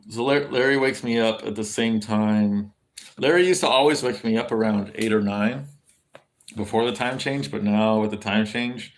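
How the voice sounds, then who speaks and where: A man talks loosely on a livestream, drifting from point to point and answering his viewers. His voice has a gravelly fry at the bottom, and his speech is loaded with swearing, fillers and restarts, with no sign of scripting. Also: on the low side. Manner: rambling, profane, many fillers and restarts. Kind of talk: casual stream chat.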